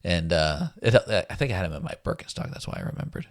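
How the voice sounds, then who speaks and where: Deep-voiced man telling a laid-back story. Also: sing-song, fast, vocal fry, no echo, studio quality. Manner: laid-back, laughs often, acts out quotes. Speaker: guest telling a survival story. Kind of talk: casual storytelling.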